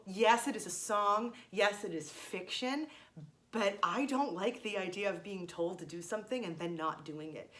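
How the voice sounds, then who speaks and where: A young woman with a mid-range, sharp-toned voice teaches an online music lesson for kids, encouragingly explaining each step.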